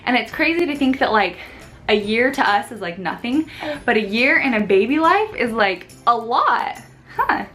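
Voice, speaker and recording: A woman's voice: a little high, sing-song, moderate pace, fairly bright tone, faint music behind. A woman in her twenties, a vlogging new mom, chatting casually to camera and saying "like" a lot. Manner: chatty, fills talk with "like".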